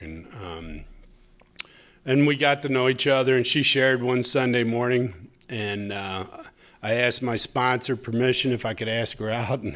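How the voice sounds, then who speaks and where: Speaking to a live audience in a meeting room, a man gives a personal recovery talk that starts out conversational and funny before turning tender and emotional. He has a lowish, slightly bright voice.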